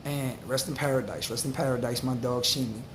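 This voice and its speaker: A man, telling a story to camera in a loose, slang-filled, animated way. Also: medium pitch, fairly quick, noisy background. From New York. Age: 40s. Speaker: vlogger.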